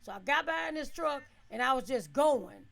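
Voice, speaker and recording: A woman telling a story in a casual, animated way. She laughs often, keeps checking in with her listeners, and acts out her own shouts. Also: high voice, moderate pace, creaky.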